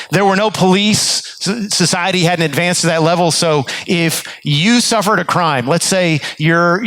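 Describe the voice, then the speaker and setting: Male pastor, sermon delivery, earnest storyteller, slightly high voice, dry close sound. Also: fairly bright tone, no echo. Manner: earnest storytelling preacher with frequent restarts. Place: church sanctuary.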